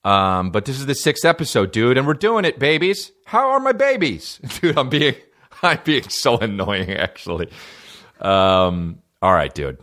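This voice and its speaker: A man's voice: on the low side, very animated, measured pace, fairly bright tone. A man from New Jersey, a comedian hosting his podcast, talking in a rambling, playful, profane monologue.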